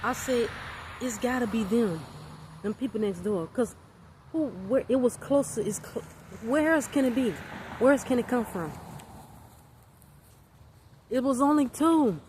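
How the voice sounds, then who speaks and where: A woman's voice: a little high, normal speed, slight background noise. A woman telling a story to her viewers, repeating herself and calling out to them again and again. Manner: repetitive, animated, addresses viewers as y'all. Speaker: vlogger. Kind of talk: casual storytime vlog.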